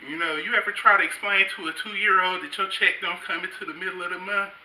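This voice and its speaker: On a comedy stage with a handheld mic, a middle-aged grandfather delivers a loose, profane stand-up set. He speaks fast in a high, steady voice with a sharp tone. The sound is roomy with faint ambience and slight background noise.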